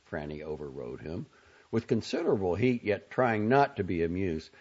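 Male narrator, low gravelly voice, husky, measured delivery, lo-fi recording. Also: sing-song, mellow. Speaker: audiobook narrator. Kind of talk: scripted narration. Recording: dull lo-fi audio.

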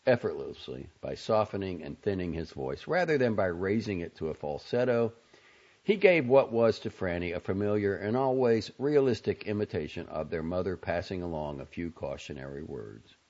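Male narrator, low gravelly voice, husky, measured delivery, lo-fi recording. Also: lively intonation, darkish tone. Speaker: audiobook narrator. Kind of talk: scripted narration. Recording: dull lo-fi audio.

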